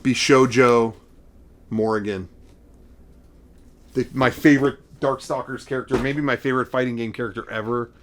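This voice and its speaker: A middle-aged man hosting a casual collecting vlog, rambling and excitable, playing up mock emotion. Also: mid-range voice, normal speed, pauses often, slight background noise. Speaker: vlogger showing figure collection.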